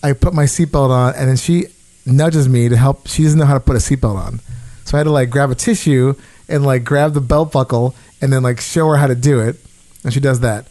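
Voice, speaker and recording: A man hosting a podcast, telling a story in a casual, animated and profane way. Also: mid-range voice, brisk.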